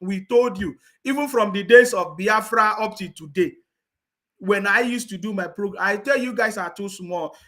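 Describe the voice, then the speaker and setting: A man's voice: sits high, normal speed, bright, forceful tone. A man giving a scornful, insistent political rant, with mocking laughs and repeated check-ins with his viewers. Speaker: political commentator. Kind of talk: ranting online commentary.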